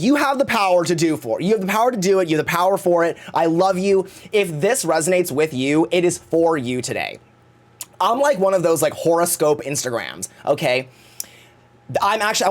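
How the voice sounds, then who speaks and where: A man's voice: fairly high pitch, animated, brisk. A man streaming live, chatting casually in a campy, theatrical way and swearing freely.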